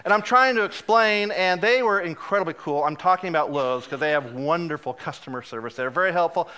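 A man preaching a sermon, telling a funny personal story with lively, self-deprecating humor and frequent laughs. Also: high voice, brisk, few pauses, clear, resonant tone. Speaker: guest preacher.

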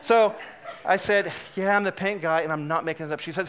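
A man preaching a sermon, telling a funny personal story with lively, self-deprecating humor and frequent laughs. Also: high-pitched, quick pace, background noise. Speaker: guest preacher.

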